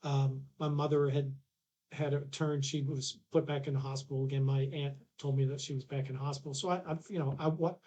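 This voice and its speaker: A man's voice: mid-range voice, little pitch movement, a little fast, dark tone. A man, a podcast guest telling a long anecdote with restarts and acted-out dialogue. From Canada. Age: 60s. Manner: rambling anecdotes with restarts, acts out quoted dialogue. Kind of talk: casual storytelling.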